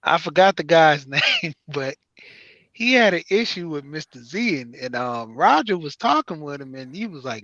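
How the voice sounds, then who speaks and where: High-voiced man telling stories, lo-fi dry sound. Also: moderate pace, no room sound. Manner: animated, laughs often, acts out quoted voices. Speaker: panelist on an online talk panel. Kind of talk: casual storytelling chat.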